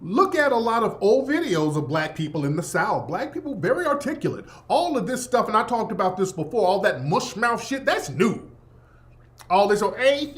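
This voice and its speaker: A man hosting a radio show, delivering a blunt, profane, emphatic opinion monologue. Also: high voice. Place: Los Angeles.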